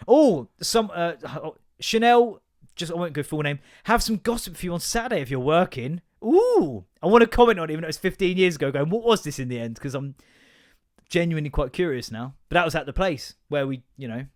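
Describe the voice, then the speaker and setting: Sweary man, higher voice. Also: animated, fairly quick. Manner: sweary, chatty, laughs often, jumps between rants. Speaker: podcast host. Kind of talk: solo casual podcast rant.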